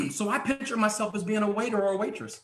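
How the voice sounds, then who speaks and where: A high-pitched man talks fast in a motivational sales session at a live event, his tone a bit bright. He presses his points emphatically, poses many rhetorical questions and clears his throat often. The sound is roomy.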